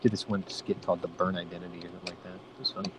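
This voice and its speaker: A man's voice: deep voice, flat delivery, very fast, background noise. A man co-hosting a casual show, telling rambling, profane stories. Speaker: co-host. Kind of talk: casual chat.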